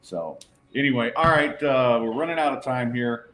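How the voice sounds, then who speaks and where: A man's voice: mid-range voice, animated, normal speed, fairly bright tone. A man hosting a sports podcast, chatting casually in a loose, joking way with lots of fillers. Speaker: podcast host.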